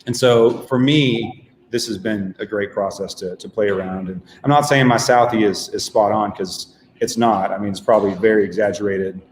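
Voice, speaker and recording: Low-voiced actor guy, chill and a bit self-deprecating, echoey hall, little hiss. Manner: easygoing, self-deprecating, halting with fillers. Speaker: stage actor. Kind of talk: casual interview chat. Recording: echoey hall with faint noise.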